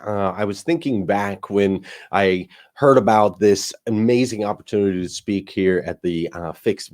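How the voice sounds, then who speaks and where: A man's voice: fairly low pitch, a little mellow. A man speaking as a guest speaker, telling a personal story with energy and often calling people "man.". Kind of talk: storytelling talk.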